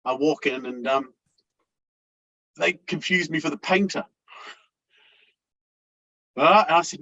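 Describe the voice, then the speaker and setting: A man's voice: on the high side, slow pace, long pauses, sharp tone, muffled recording. A man giving a sales training talk, speaking bluntly and conversationally, with frequent check-ins and the odd swear word.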